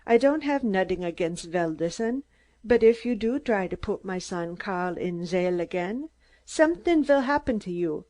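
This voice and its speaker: Blunt, threatening heavy-set man with rough grammar, read by a woman narrator. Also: medium pitch, animated, moderate pace, warm tone, close to an everyday voice. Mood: menacing. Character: heavy, menacing older man speaking broken English.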